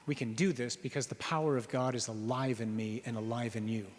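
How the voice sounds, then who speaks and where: A priest giving an earnest sermon, slowing down on key phrases and asking the listeners rhetorical questions. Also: male voice, mid-range voice, fairly even intonation. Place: church. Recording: reverberant church hall.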